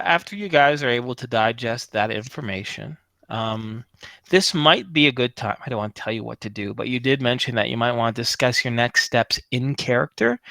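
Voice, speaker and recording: A man running a tabletop game, his voice bright and forward. The sound is dry and close, with no room around it. He talks in a wordy, friendly way and drops quick apologies. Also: medium pitch, vocal fry, dry recording. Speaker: game master. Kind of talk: narrating a tabletop game over voice chat.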